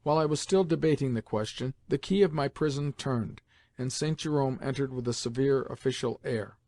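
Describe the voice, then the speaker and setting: A man narrates an audiobook in a measured, even way. His pitch is middling. The recording is close and dry, with no room sound. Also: no room sound. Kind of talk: scripted narration.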